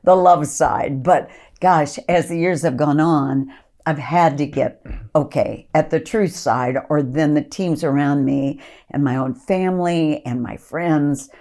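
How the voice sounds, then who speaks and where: A woman's voice: deep voice, measured pace, mellow. A woman ministry leader giving an earnest podcast teaching talk, reading scripture aloud and coaching listeners.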